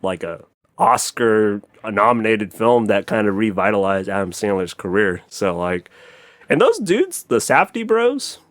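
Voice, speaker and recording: A man's voice: fairly low pitch, a little slow, no echo. Give me a chatty man who rambles and swears, voice rising and falling a lot, dry close-mic sound. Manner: animated, profane, rambling with many "like" fillers. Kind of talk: casual podcast chat.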